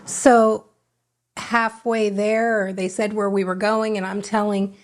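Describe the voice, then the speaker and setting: A woman's voice: medium pitch, flat delivery, slow pace. Candid middle-aged woman telling her recovery story. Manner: frank, emotional, re-enacts her own past words. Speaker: podcast guest.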